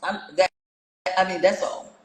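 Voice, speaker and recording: A woman's voice: fairly low pitch, steady tone, unhurried. A woman hosting her own live stream, talking casually and firing repeated rhetorical questions at her viewers on a phone mic. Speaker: livestream host. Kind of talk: casual livestream rant to viewers. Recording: echoey room.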